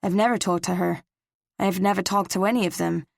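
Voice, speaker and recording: A man's voice: sits high, fairly even intonation, brisk, vocal fry, no room sound, studio quality. A woman voicing a surly, curt young male security guard who answers in blunt, dismissive lines. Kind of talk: audiobook character reading.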